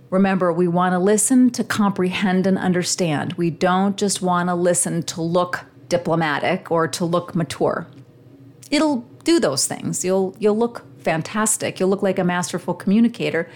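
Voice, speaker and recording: A woman's voice: mid-range voice, darkish tone. A woman hosting a show, giving an earnest coaching talk straight to her listeners. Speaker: podcast host. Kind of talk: motivational teaching monologue.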